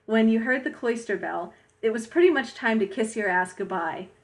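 A woman's voice: a little high, lively intonation, moderate pace. A woman co-hosting a casual discussion, breezy and wry, offering asides. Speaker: podcast co-host.

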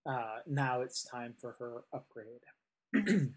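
Man, podcast co-host, slow and halting, full of "um"s. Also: medium pitch, lively intonation. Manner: hesitant, many fillers and restarts. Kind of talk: casual discussion.

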